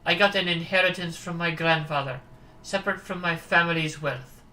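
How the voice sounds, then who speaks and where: A woman's voice: on the low side, steady tone, bright, forceful tone, a little hiss or hum, poor audio. A woman doing a reserved German scientist. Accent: German (put on). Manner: measured, polite, guarded.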